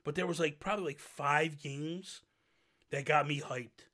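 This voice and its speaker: A man hosting a casual livestream chat, an animated and long-winded storyteller who wanders off on tangents. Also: on the high side, a little slow. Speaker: show host.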